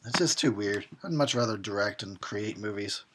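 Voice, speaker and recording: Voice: deep voice, normal speed, fairly bright tone. Tipsy, foul-mouthed horror host. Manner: profane, rambling, often laughing. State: drunk. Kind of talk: drunken movie commentary.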